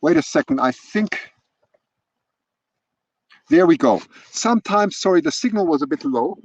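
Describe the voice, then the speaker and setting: A man's voice: fairly high pitch, expressive, a little slow, breathy edge, no echo, muffled recording. A man hosting a live wildlife stream outdoors on a hilltop, chatting and thinking aloud with frequent restarts. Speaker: wildlife livestreamer. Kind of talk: live-streamed casual commentary. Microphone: external microphone at a laptop.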